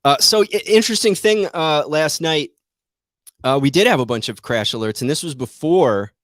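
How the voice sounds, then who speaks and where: A man's voice: on the high side, expressive, moderate pace, fairly bright tone, no room sound, studio quality. A man hosting a trading show, giving rambling, self-deprecating market commentary that keeps turning into a rant.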